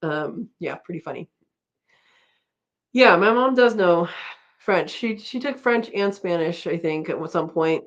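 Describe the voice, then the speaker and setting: A woman's voice: lowish voice, lively intonation, a little slow, pauses often. A middle-aged woman hosting a casual live-stream chat, rambling and laughing often as she reads out comments. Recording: dull lo-fi stream audio.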